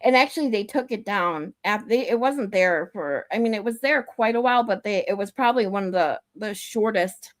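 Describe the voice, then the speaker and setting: A woman's voice: mid-range voice, moderate pace, hardly any pauses. A woman livestream host, telling a story in casual chat, swearing freely and laughing often.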